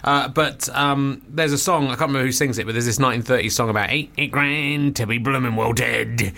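A man's voice: mid-range voice, brisk, gravelly, bright, forceful tone. A man hosting a casual radio show, rambling and hesitant. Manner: rambling, hesitant with many ums.

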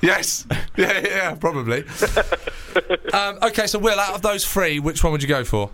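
A man's voice: high-pitched, animated, unhurried, sharp tone. A man hosting a podcast, joking and teasing his guest in casual chat, with sudden exclamations. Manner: jokey, teasing, bursts into exclamations. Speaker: podcast host and comedian.

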